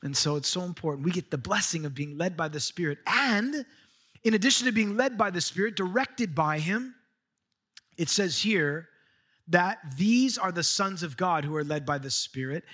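A middle-aged man preaching a sermon as pastor, earnest, slowing down to read scripture and lifting his voice when he urges. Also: animated, bright, forceful tone. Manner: earnest preaching, slows for scripture, rises in pitch when urging.

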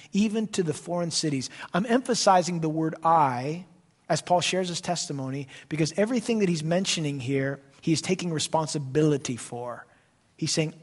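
A man, a pastor, preaching a sermon in church, emphatic, swinging between loud declarations and soft asides. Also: a little high, normal speed.

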